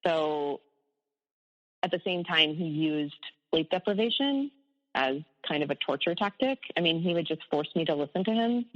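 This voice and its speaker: A woman's voice: low-pitched, expressive, normal speed, big-room sound. Woman telling her story over a lo-fi line. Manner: candid, laughs ruefully at hard memories. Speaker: guest, abuse survivor. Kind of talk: personal storytelling in an interview.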